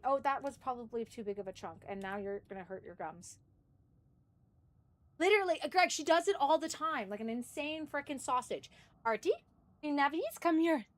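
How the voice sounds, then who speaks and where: High-voiced excitable woman streamer. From Canada. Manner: excitable, swears, laughs often, coos at her dogs. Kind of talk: casual livestream gaming chat.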